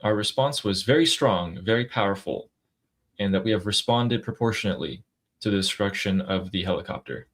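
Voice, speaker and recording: A man's voice: lowish voice, expressive, fairly quick, fairly bright tone. A man co-hosting a casual livestream, reading out news updates and reacting to them. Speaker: political commentary co-host.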